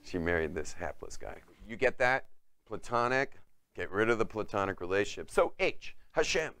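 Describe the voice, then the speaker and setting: A middle-aged man, a rabbi, giving a talk and acting out the people in his story with lively delivery. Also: on the low side, normal speed, clean tone. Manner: animated storyteller who acts out quoted voices.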